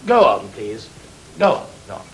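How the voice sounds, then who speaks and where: An actor playing a fussy, impatient theatre director who gives brisk, exasperated orders during a rehearsal in a 1980 television stage drama. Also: male voice, fairly low pitch, sing-song, fairly bright tone, low-quality recording. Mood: instructive.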